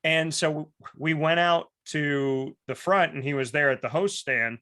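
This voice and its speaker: A man with a bright, somewhat high voice tells stories on a casual talk show. He acts out the people he talks about and often restarts his sentences. The sound is dry, with little room echo. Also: unhurried. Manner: animated storyteller, acts out quoted voices, many restarts. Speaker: host. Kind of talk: casual storytelling chat.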